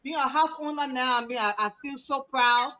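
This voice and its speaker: A woman's voice: high voice, a little fast, pushed and bright, dull audio. A woman and new homeowner, speaking effusively on a video call and thanking her agent over and over. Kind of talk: grateful testimonial on a video call.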